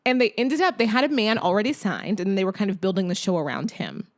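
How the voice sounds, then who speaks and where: A woman's voice: mid-range voice, lively intonation, quick pace. An American woman from Oklahoma, a television journalist, telling her story in a chatty, laughing way with lots of "like". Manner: chatty, laughs easily, uses "like" as filler. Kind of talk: casual interview storytelling.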